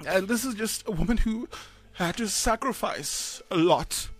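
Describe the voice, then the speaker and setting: A man in his thirties with a South African accent, co-hosting a breakfast radio show, speaking haltingly with sighs, choked up and close to tears. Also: high voice, animated, a bit bright, faint music behind. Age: 30s. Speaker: radio co-host. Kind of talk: emotional radio chat.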